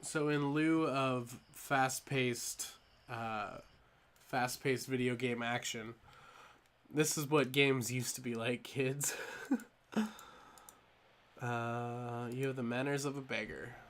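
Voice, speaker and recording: A man's voice: medium pitch, steady tone, takes it slowly, fairly bright tone. Man from New Mexico, casual gaming commentary, joking, thinking aloud. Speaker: gameplay commentator.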